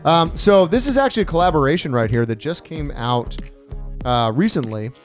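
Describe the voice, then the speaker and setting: A man's voice: on the high side, animated, brisk, soft background music. A young man co-hosting a casual podcast chat, loose and profane, often laughing. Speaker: podcast co-host.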